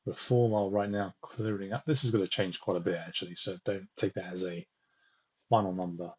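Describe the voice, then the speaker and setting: On a live stream, a political host with a fairly low, husky voice rants through election results, speaking a little fast with fairly even intonation. He addresses his viewers directly, exasperated and scornful, over dull, lo-fi sound.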